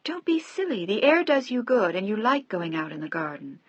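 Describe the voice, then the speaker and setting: A woman voicing a gentle, anxious young wife who speaks earnestly and pleadingly. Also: medium pitch, big pitch swings, a little fast, husky, no room sound, dull audio, pitched above the performer's own voice.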